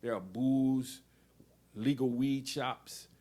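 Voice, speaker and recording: A man's voice: mid-range voice, takes it slowly, mellow. A man introducing his essay in a loose, rambling way, then reading it aloud. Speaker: poet and event organizer.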